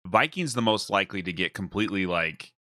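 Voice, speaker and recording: A man's voice: low-pitched, expressive, a little fast, sharp tone, no echo, clean studio sound. A man hosting a live stream and commentating casually, rambling and mocking himself with loose swearing. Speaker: host and commentator.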